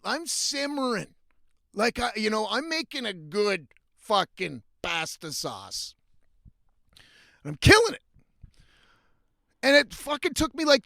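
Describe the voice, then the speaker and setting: Profane high-voiced man ranting. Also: bright, forceful tone, dry recording, clean studio sound. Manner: profane, blunt, frequently exasperated. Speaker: vlogger. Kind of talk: casual storytelling rant.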